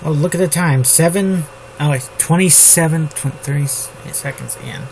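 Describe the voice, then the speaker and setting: A man writing a novel on camera, slowly reading his draft aloud and rambling about it with lots of fillers. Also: a little high, vocal fry, low-quality recording. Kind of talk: writing session, thinking aloud. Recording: steady background noise with keyboard typing. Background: computer keyboard typing.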